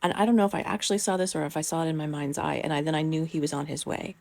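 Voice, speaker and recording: A woman's voice: low-pitched, racing, vocal fry, a little mellow. A middle-aged woman telling a personal story in a rambling, casual way, with many fillers and the odd swear word.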